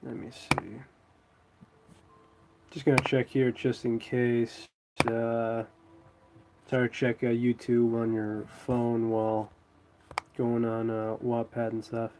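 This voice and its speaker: A man's voice: mid-range voice, monotone, takes it slowly, long pauses, background noise. Stuffy-voiced man chatting on a live stream. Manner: laid-back, chatty, greets viewers. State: stuffy from a cold. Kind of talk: casual live stream chat.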